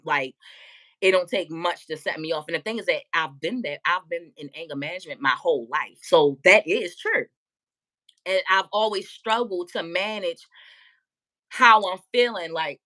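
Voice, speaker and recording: A woman tarot reader chats casually on a live stream, loud and profane, often laughing and talking back to her chat. Her voice is lowish and a little slow.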